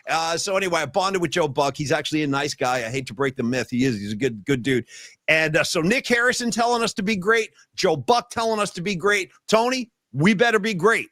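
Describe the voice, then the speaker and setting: A man with a high, lively voice hosts a casual sports chat and tells stories with bursts of emphasis. The sound is close and dry, with no room around it. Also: fast talker, no room sound. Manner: animated, storytelling, swings pitch high for emphasis. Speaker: podcast co-host.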